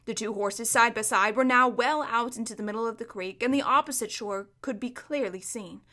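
A woman narrates a storybook, her voice sitting a little high. She reads steadily and in a measured way, now and then tripping over a word and correcting herself. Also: sharp tone. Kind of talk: storybook reading aloud.

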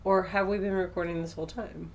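A woman's voice: on the low side, fairly even intonation, quick pace, slight background noise. A drunk woman co-hosting a podcast, bantering playfully and teasing, her words a little slurred. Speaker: podcast co-host. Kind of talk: casual late-night banter.

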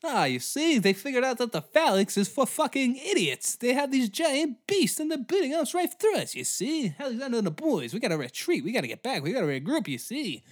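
A man putting on a wheedling 1940s film villain voice for Alexander, with a sly, fast patter that keeps tagging lines with "you see?". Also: very high-pitched, big pitch swings, voice pushed up, exaggerated voice. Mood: scheming. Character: Alexander as a scheming old-timey movie villain. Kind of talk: comedic impression.

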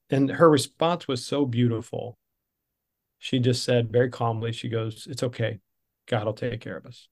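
A man's voice: mid-range voice, a little mellow. Earnest storytelling man in his fifties. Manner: earnest, conversational storyteller with frequent restarts. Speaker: guest, business coach. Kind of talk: storytelling interview answer.

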